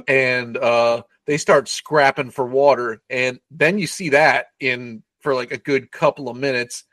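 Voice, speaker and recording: A man co-hosting a podcast, loosely retelling a movie plot with profanity and quick silly voices. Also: mid-range voice, steady tone, fairly bright tone, dry recording. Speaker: podcast co-host recapping a film. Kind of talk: casual chat.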